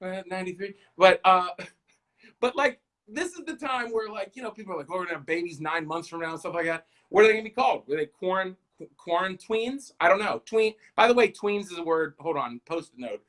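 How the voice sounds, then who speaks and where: A man's voice: sits high, expressive, fairly quick, fairly bright tone, poor audio. A man in his thirties hosting a live stream, rambling through stand-up style jokes, self-deprecating and talking straight to his viewers.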